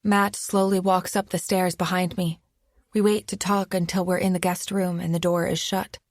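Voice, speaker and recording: A woman's voice: lowish voice, little pitch movement, moderate pace, no echo, clean studio sound. A woman narrating an audiobook in the first person, with a tense, anxious delivery. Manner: tense, anxious inner monologue.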